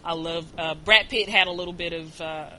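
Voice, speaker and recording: A woman's voice: on the low side, steady tone, moderate pace, bright, forceful tone, slight background noise. A woman hosting a casual chat about films, bubbly and gushing, laughing often.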